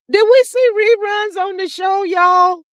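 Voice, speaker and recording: A woman's voice: extremely high pitch, fairly bright tone, no echo, clean studio sound. A woman hosting a casual livestream, chatting and gossiping in a sassy drawl, reading viewer comments aloud and calling everyone "child" and "honey.". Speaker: livestream host. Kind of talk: casual gossip chat with live chat readers.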